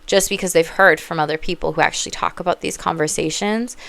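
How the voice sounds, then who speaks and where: A woman's voice: lowish voice, steady tone, fast talker, gravelly, a bit bright, dry recording. A woman who works as a psychic and coach, talking straight to her viewers in a casual, rambling way. She is blunt, swears freely and keeps calling them "y'all.". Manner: rambling, goes off on tangents.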